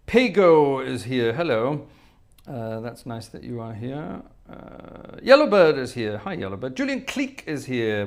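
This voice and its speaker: This medium-voiced man runs a live organ music stream, keeping things casual and talkative as he welcomes viewers by name. While scanning the chat, he hums quietly to himself.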